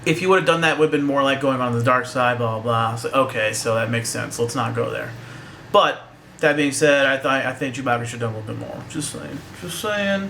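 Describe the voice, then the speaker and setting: A man's voice: medium pitch, fairly even intonation, fast talker, gravelly, bright, forceful tone, slight background noise. A young man giving a casual, joking, profane movie review that rambles along.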